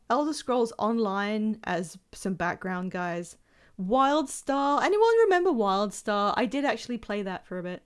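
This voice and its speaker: A woman streaming a video game, chatting casually in a rambling, self-deprecating way that trails off mid-thought. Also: a little high. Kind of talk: casual live gameplay commentary.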